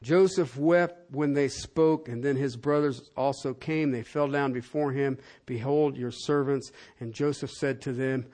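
A man preaching a sermon as a pastor, swinging from loud, rising proclamation to a hushed, soft prayer, in a church hall. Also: medium pitch, steady tone, a little slow, hardly any pauses.

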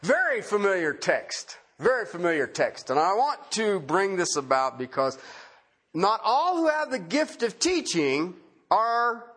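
Animated high-pitched male preacher. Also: unhurried, husky. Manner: conversational, rhetorical questions, repeats key phrases. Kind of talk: sermon.

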